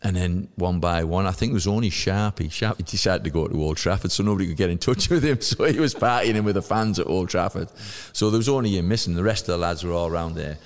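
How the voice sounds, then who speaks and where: A man in his fifties, a podcast guest telling lively anecdotes and acting out the voices of people he quotes. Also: low voice, fast talker, few pauses, big-room sound. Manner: lively storyteller who acts out quoted voices. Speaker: podcast guest, former footballer.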